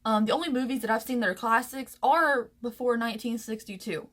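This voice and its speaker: A young woman from the American South telling a personal story to camera, emotional and halting, close to tears, with many fillers and restarts. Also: fairly high pitch, a bit bright. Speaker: vlogger.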